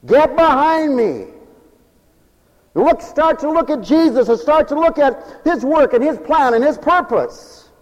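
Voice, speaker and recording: A man preaching a folksy, animated radio sermon with humorous asides. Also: very high-pitched, moderate pace, few pauses, big-room sound, poor audio.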